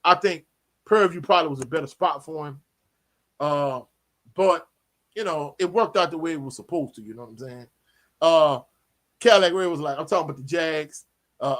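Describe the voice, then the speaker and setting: A man, hosting a casual live sports Q&A, animated and slangy, often tagging on "you know what I'm saying". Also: fairly high pitch. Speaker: sports talk host.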